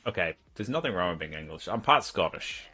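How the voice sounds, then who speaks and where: A man with a New Zealand accent chats casually while he plays a game on a live stream, teasing and answering his viewers. His voice sits low yet has a bright, forceful edge. Soft game music hums faintly behind him. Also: lively intonation, a little fast, slightly rough.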